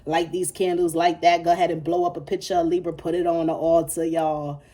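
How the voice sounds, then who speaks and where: A woman's voice: fairly low pitch, little pitch movement, brisk, mellow. A woman giving a casual tarot reading, blunt and profane, repeating her points emphatically and laughing between lines. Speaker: tarot reader.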